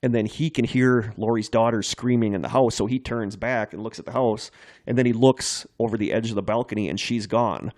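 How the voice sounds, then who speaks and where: A man's voice: lowish voice, fairly even intonation, a little fast, a little mellow, no echo, clean studio sound. Man co-hosting a podcast, eager storyteller. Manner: enthusiastic, retells scenes in detail. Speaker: podcast co-host. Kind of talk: casual chat.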